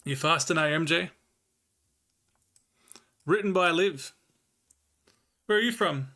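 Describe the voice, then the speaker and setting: A laid-back Australian man chatting with his live viewers in a bright, forceful voice. His pitch sits a little high for a man, and he slows right down when he reads old scripture aloud. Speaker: livestreamer.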